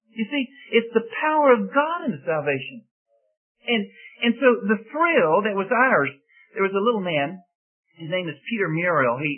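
A man's voice: high-pitched, slightly rough. Man preaching over tinny radio. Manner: animated storyteller, acts out quoted dialogue. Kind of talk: sermon storytelling. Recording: tinny phone-like radio broadcast.

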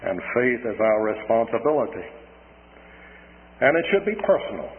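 Preacher on a tinny old radio broadcast. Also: male voice, mid-range voice, big pitch swings. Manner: earnest, deliberate preaching with strong emphasis. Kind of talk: sermon. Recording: narrow phone-like old radio broadcast with long reverb.

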